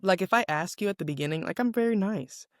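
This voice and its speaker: A woman from the Southern United States, co-hosting a podcast and telling stories in an animated, profane, chatty way. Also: medium pitch, fast, no room sound, clean studio sound. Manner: self-described yapper, animated and profane storytelling. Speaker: podcast co-host. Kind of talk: casual chat.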